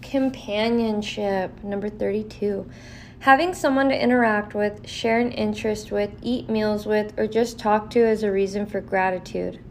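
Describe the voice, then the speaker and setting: A woman talks to her viewers in a loose, candid way, full of swearing and fillers like "you know". Her voice has a gravelly rasp at the bottom of her words. Now and then she reads a passage aloud from a list, over a faint background hiss. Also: mid-range voice, steady tone, moderate pace. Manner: profane, candid, filler-heavy. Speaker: vlogger. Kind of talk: casual talk mixed with reading aloud.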